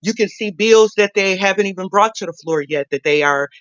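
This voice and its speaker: A woman's voice: medium pitch, fairly quick, dry recording. A woman calling in to a live stream, explaining things emphatically. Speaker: caller. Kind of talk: call-in explanation. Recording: dull, dry call-in line.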